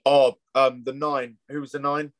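A man's voice: medium pitch, level tone, moderate pace. A man on a podcast panel chatting casually, hesitant and full of fillers as he guesses. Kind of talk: casual chat.

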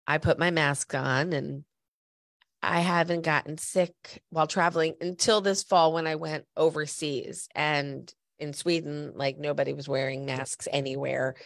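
Here a podcast host, a woman slightly congested with a cold, chats and tells stories while speaking straight to her audience. Her low, creaky voice keeps a steady tone at an unhurried pace. There is no echo in the recording.

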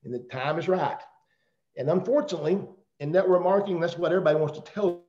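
High-pitched, fast, and mellow, a middle-aged Southern man speaks as a guest on a company call. He rambles and jokes through a motivational talk, and the video call audio comes across roomy and dull.

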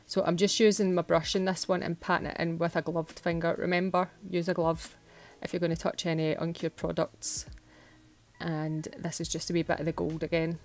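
A woman's voice: lowish voice, flat delivery, normal speed, faint music behind. A Scottish woman chatting through a nail art tutorial in a casual, giggly, self-deprecating way.

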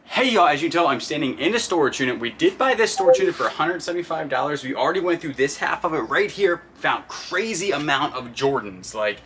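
A man excitedly narrating his vlog while going through a storage unit. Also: fairly high pitch, fast, few pauses, a little hiss or hum. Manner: excited, exclaiming. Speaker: reseller vlogger. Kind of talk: casual vlog commentary.

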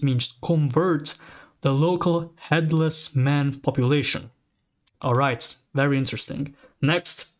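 A man hosting a casual commentary, reading lore aloud and reacting with excited, rambling asides. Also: a little high. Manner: excitable, rambling, frequent restarts and exclamations. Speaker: channel host.

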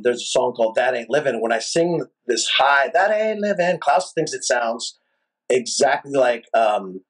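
A rock singer guest telling a long, animated, profane story in a casual interview. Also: male voice, mid-range voice, breathy edge, rough recording. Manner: animated, profane, rambling anecdotes.

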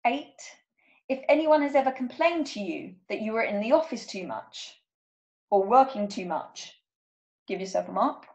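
A woman coach leads a workshop, her voice sitting a little high. She reads out numbered statements one by one and keeps checking in with "okay?". The recording sounds muffled and lo-fi. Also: expressive, normal speed, darkish tone. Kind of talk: workshop talk.

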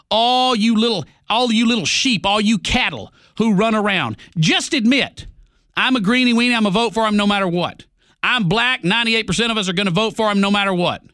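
Male radio host, combative ranter, high pitch, dry close sound. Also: a bit bright, no echo. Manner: angry, sarcastic, combative. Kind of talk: political rant.

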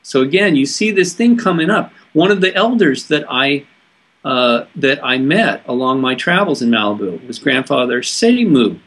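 A man from California, a guest in an interview, telling a personal story in an earnest, halting way with frequent restarts. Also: mid-range voice, expressive, fairly bright tone.

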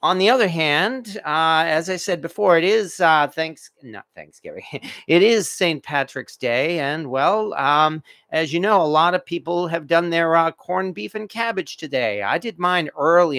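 A man's voice: on the high side, a bit bright. A man hosting a casual cooking livestream from his home kitchen, rambling with lots of fillers and restarts. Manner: rambling, many fillers and restarts, self-deprecating. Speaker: cooking channel host.

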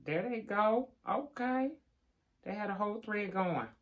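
With a mid-range voice and lively intonation, an older woman takes her time as she chats on a live stream. She reads out viewers' names as shout-outs, tossing in teasing asides.

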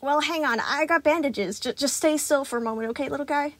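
A jittery male animatronic daycare attendant, put on by a woman reading a story aloud. He stammers and apologizes in a rush, his voice pitched high and pushed loud. Overeager and nervous, he never quite settles down. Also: fairly quick, faint music behind. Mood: apologetic. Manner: stammering, frantic and overly eager.

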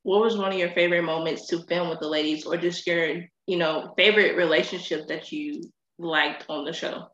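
A woman's voice: lowish voice, steady tone, a little fast, hardly any pauses, a bit bright, roomy sound, dull audio. A woman interviewing an actress, asking friendly questions and backing her up with listening sounds. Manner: encouraging, lots of listening sounds. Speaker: entertainment interviewer. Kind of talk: casual interview.

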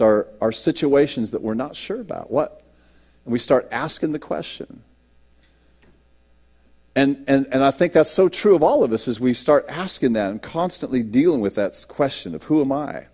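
A male pastor delivers a sermon from a church stage mic, his voice rising and falling with wide, lively swings. He acts out quoted speech with theatrical energy and often stammers into restarts before pressing on. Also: medium pitch, breathy edge. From United States. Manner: animated preaching, acts out quotes and self-doubt. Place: church sanctuary.

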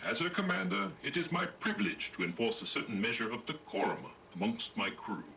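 A man's voice: medium pitch, very animated, a little fast, gravelly, heavy background noise. A man voicing a pompous robot ship captain in a video game, with formal old-fashioned speech. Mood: stately.

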